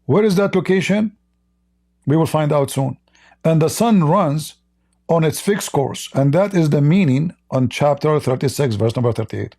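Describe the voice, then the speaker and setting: During livestreamed commentary on a religious debate, the host's voice is gravelly, dark, and failing, though a little high and expressive. He reads quotations slowly and then mocks them.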